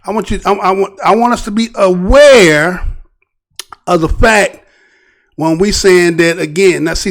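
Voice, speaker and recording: Male show host with a high, gravelly voice, talking through the news in an animated, off-the-cuff way. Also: moderate pace. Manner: rhetorical, repeatedly asks "right?"; animated, restarts and trailing phrases. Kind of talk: casual news commentary.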